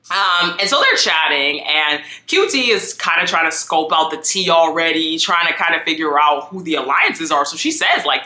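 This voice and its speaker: Woman, casual recap vlogger, animated, swooping pitch, slightly low voice, roomy echo. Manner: chatty, animated, quoting people in exaggerated voices. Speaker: vlogger recapping a reality show.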